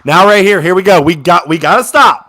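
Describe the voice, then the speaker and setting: Fairly quick in his delivery, a young man gives a fan's casual live reactions to a game. His tone swings between grumbling low and shouting excitedly on big plays.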